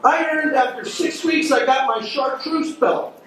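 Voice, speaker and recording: A man's voice: extremely high pitch, measured pace, loud music behind the voice. A man doing a stand-up comedy set on a club stage, joking and chatting with audience members by name. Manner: crowd work, addressing audience members by name. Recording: echoey club recording from far off, loud noise.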